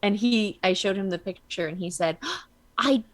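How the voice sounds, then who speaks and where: A woman hosting a casual gaming stream, chatting as she plays. She tells stories with lively energy and jumps from the game to everyday news. Her voice sits at an ordinary middle pitch. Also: a little fast, background noise. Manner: chatty, animated storyteller. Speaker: streamer playing a card game. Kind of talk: casual chat while gaming.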